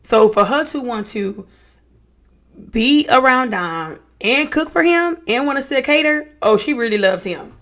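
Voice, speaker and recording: A young woman, a true-crime reaction vlogger, gives casual reaction commentary, reading text messages aloud with sassy asides and often calling people baby and honey. Her voice is fairly high and fairly bright, with lively intonation and a measured pace.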